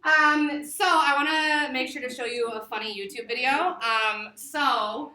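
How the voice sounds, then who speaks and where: A woman teacher giving a classroom lesson, lively and laughing, stretching words out slowly to model them. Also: high-pitched, slight background noise. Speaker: Spanish teacher. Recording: echoey classroom from far off.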